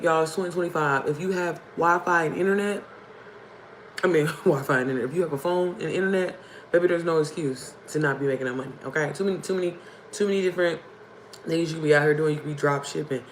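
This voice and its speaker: A young woman with a hoarse voice, hosting a casual livestream and chatting directly to her viewers. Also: fairly low pitch, a little hiss or hum, low-quality recording. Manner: chatty, addresses viewers as y'all and baby. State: hoarse from screaming. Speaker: livestream host.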